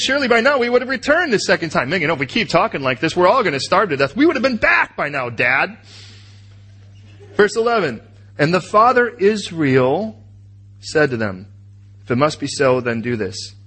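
A man preaching a sermon as a pastor, swinging between loud, high emphasis and hushed, low asides. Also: breathy edge.

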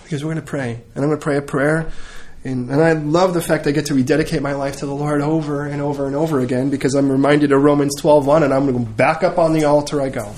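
A man's voice: on the high side, steady tone, darkish tone. Earnest middle-aged male pastor preaching. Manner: earnest, conversational preaching with frequent pauses and restarts. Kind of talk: sermon with closing prayer.

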